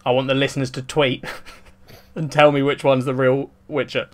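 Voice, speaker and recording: A young man co-hosting a podcast, easygoing and calmly arguing back in casual chat. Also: mid-range voice, normal speed. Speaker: podcast co-host.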